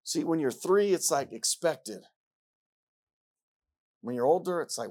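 A man preaching a sermon, repeating himself and rising from quiet passages to loud ones. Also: on the high side, animated, unhurried.

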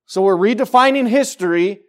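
A man preaching from the pulpit in a fairly high voice. He drives his points hard, then drops low and quiet before building back up. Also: moderate pace. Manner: emphatic preaching, swinging from loud declarations to low, quiet asides. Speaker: pastor. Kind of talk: sermon. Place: church.

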